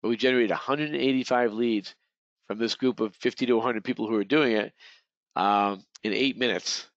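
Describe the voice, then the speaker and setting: A man's voice: medium pitch, brisk, no echo. A man leading a real estate training webinar, talking in a rambling way with many restarts and repeated words. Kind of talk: webinar presentation. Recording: dull, lo-fi webinar audio.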